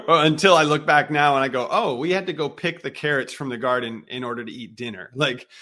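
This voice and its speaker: A man in his thirties, a guest on an interview, telling a story with lively acted-out dialogue. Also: medium pitch. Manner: animated storyteller acting out quoted dialogue. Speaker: guest, missionary musician.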